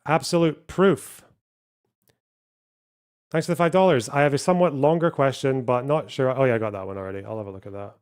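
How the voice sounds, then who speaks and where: A man's voice: medium pitch, a little fast, pauses often, a little mellow, clean tone. A man, a streamer reading donation messages aloud and answering them in casual, profane, sarcastic chat.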